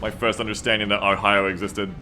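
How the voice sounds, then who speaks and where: Guy streaming a game, bright crisp voice, joking around w chat, laughs a lot. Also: lowish voice, level tone, brisk, faint music behind. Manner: playful and teasing, laughs often. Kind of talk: casual live-stream chat, reading chat messages aloud.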